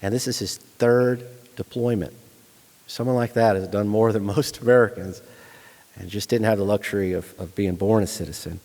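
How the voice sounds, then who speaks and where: A man's voice: lowish voice, fairly even intonation, moderate pace, a little mellow. Middle-aged man telling a blunt war story. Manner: frank, conversational storytelling with blunt soldier humor. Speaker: guest lecturer, retired Army staff sergeant. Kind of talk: personal war story told to a lecture audience. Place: large lecture hall. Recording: long reverb of a large hall.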